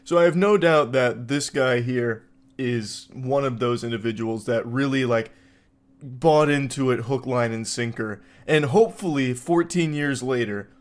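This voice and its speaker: A man's voice: mid-range voice, unhurried. A man hosting a comedic commentary video, reading forum posts aloud and riffing on them in a sarcastic, incredulous way with plenty of filler words.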